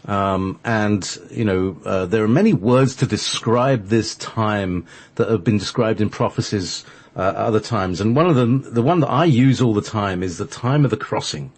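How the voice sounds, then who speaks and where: A man's voice: on the low side, moderate pace, husky. A man from Scotland hosting a spiritual internet radio show, chatting casually and rambling with many fillers and restarts. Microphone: online call.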